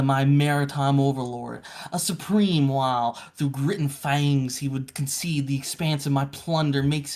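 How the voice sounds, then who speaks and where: A man's voice: medium pitch, voice pushed down, lightly acted. A man putting on a haughty pirate troll lady. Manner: grandiose, theatrical reading with a pirate lilt. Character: haughty female pirate troll writing her journal. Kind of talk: reading a comic aloud on stream.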